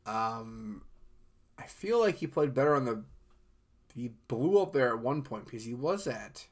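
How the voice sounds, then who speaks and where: A man's voice: mid-range voice, very animated, unhurried. A man hosting a golf podcast alone, talking loosely and rambling, with frequent fillers and restarts. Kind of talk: casual solo podcast chat.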